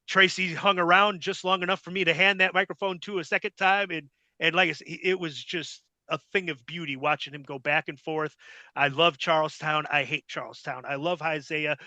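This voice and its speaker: A middle-aged man, a podcast host, telling stories in an animated, casual way and acting out quotes, on a close mic. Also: on the high side, no echo. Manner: animated, repeats words, acts out quotes. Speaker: podcast host, former ring announcer. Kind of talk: casual storytelling.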